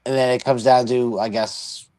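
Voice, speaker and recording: A man chatting casually about sports as a show co-host. He rambles and restarts his sentences, working out his picks as he talks, at an ordinary pitch. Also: flat delivery, moderate pace, darkish tone. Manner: rambling, thinks aloud with many restarts. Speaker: podcast co-host.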